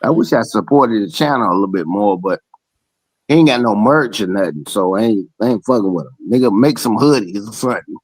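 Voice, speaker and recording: A man in a casual podcast chat, talking while he eats, animated and full of swearing. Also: on the low side, a little fast, slightly rough, rough recording. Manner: profane, animated, talks while eating. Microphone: streaming call.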